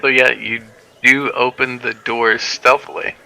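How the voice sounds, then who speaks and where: A man running a tabletop game as game master, speaking slowly with hesitant fillers. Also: mid-range voice, level tone, gravelly, sharp tone, rough recording.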